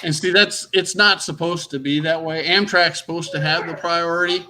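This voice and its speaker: A middle-aged man joining a casual chat, quick to jump in with his own stories. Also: fairly high pitch, steady tone, bright, forceful tone, slight background noise. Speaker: guest on the stream.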